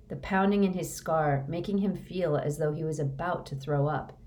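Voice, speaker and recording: Deep-voiced female audiobook narrator, measured, even read. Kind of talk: scripted narration.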